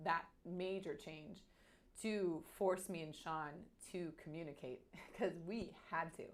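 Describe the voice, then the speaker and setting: A woman tells a personal story as an interview guest. She speaks in a halting, animated way and keeps restarting her sentences. Her voice sits a little low for a woman.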